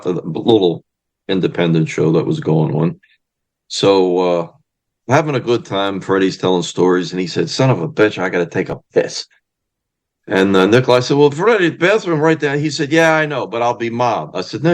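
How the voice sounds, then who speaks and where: A man, a wrestling manager and historian, telling stories casually in an interview and acting out the people he quotes. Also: sits low. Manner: animated storyteller acting out quoted voices loudly.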